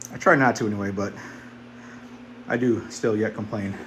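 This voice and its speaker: A man's voice: fairly low pitch, background noise. A man vlogging casually to his viewers between sets in his home weight-training setup. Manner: laid-back, chatty, talks to viewers directly.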